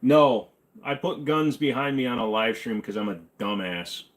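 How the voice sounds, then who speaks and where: A man's voice: mid-range voice, lively intonation, moderate pace. A man hosting a casual livestream, reading chat questions aloud and answering with offhand jokes, humming and scatting to himself between answers. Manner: joking, offhand, hums and scats to himself. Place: home room with guns on the wall behind him.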